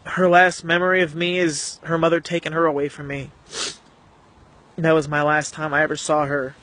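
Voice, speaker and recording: A man telling a painful personal story to the camera in an earnest, emotional, halting way. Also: on the high side, flat delivery, bright, forceful tone. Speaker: vlogger.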